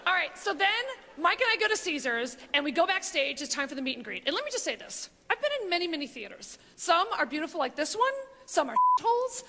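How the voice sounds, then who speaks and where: A man's voice: extremely high pitch, sing-song, bright, forceful tone, in a large hall, slight background noise, full character voice. A man doing a squealing gossipy comedienne. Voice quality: giddy, rapid, squealing. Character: brash gossipy female comedian telling backstage stories. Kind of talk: stand-up parody monologue.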